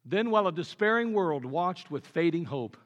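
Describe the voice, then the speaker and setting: A man preaching a sermon with earnest conviction, dropping low and quiet on his key points. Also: animated, normal speed, highs cut off. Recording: long reverb of a large hall.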